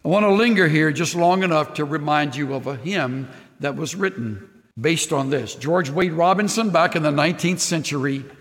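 A man's voice: a little high, moderate pace, fairly bright tone, big-room sound. An older man preaching a sermon, earnest and intimate, sometimes dropping almost to a whisper. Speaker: pastor.

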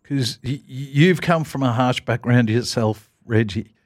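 A man's voice: medium pitch, unhurried, dry recording, studio quality. A male radio host interviewing a guest and prompting him with short questions. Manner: brief encouraging interjections. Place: radio studio.

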